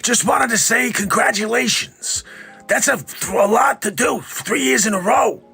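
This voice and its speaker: Man doing a raspy older health official. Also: extremely high pitch, a little slow, pushed and bright, faint music behind, pitched above the performer's own voice, exaggerated voice. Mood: fussy. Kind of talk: comedy impression.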